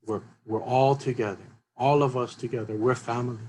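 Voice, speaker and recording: Man, earnest seminar speaker, emotional, repeats key phrases, mid-pitched voice. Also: fairly even intonation, a little fast, warm tone, a little hiss or hum, poor audio. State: emotional, voice catching. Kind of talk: emotional public talk.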